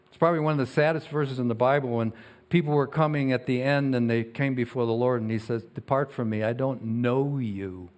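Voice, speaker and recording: A man preaching a sermon as pastor. He talks earnestly, swings between loud emphasis and quiet asides, and reads scripture slowly. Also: medium pitch, steady tone.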